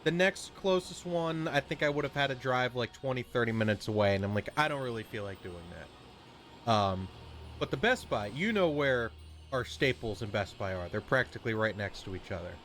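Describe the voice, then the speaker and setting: A man's voice: medium pitch, expressive, fairly quick, a bit bright, slight background noise. A man streaming a video game, chatting casually and ranting with a rambling, swearing delivery. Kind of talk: casual chat while streaming.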